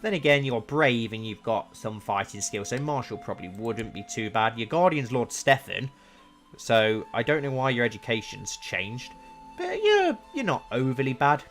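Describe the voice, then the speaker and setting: A man of middle pitch talks through his strategy game in a relaxed, rambling way, thinking aloud as he goes. He bursts into excitement now and then. Faint music sits underneath. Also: normal speed. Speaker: let's play streamer. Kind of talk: casual gameplay commentary.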